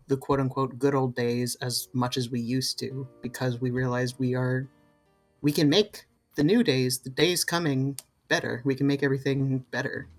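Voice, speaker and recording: Chatty podcast cohost, trails off a lot, lots of um and like, mid pitch voice, faint music behind. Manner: thoughtful, rambling, halting with many fillers. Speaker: podcast co-host. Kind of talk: casual discussion chat.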